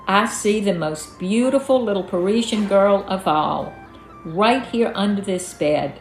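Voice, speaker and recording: A woman voicing a gentle deep-voiced father, a judge, coaxing his daughter tenderly. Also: unhurried, echoey room, soft background music, rough recording.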